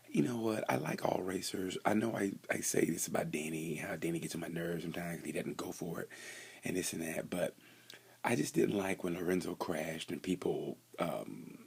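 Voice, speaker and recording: A young man rambling through a casual, joking race review, often stumbling and restarting. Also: sits low. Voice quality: gravelly, husky.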